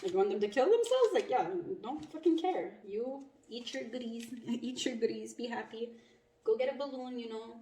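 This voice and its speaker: A woman's voice: on the high side, lively intonation, moderate pace, mellow. A woman giving a casual, blunt tarot reading, swearing freely and laughing often. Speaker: tarot reader. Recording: echoey room, mic at a distance, faint noise.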